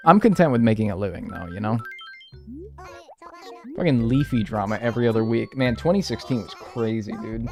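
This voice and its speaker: A man chatting casually and profanely while streaming a video game, rambling through stories. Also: mid-range voice. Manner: rambling, profane, animated storytelling with mimicked voices. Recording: faint music behind.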